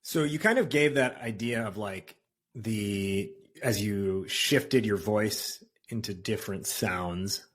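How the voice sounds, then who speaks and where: A man's voice: fairly low pitch, slow pace, a bit bright. A man hosting a podcast interview, asking questions casually and often restarting his phrases. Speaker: podcast host. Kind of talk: conversational interview.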